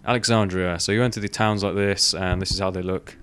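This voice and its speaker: A man's voice: sits low, fairly even intonation, fast talker, a bit bright, a little hiss or hum. A young man giving casual, rambling gameplay commentary, swearing offhandedly and filling gaps with "um" and "like". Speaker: gaming video host.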